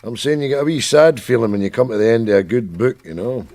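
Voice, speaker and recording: Brief: man as cranky old Scottish pensioner, lively up-and-down voice, fond of cowboy books. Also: mid-range voice, fast, close to an everyday voice. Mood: bickering. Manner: grumbling, mocking banter.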